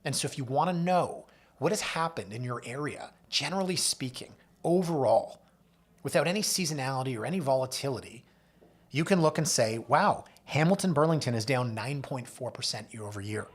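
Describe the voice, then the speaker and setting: A man's voice: medium pitch, animated, brisk. A man, a realtor hosting his own show, talking casually to camera and reading off numbers with self-mocking asides. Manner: chatty, self-mocking asides, reads figures off a list with sudden lifts. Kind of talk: casual market commentary to camera. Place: office or studio with someone off camera.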